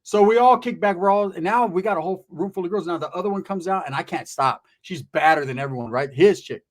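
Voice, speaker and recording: A man's voice: a little high, fast talker. A man telling a story in casual, profane street slang, constantly checking in with "right?".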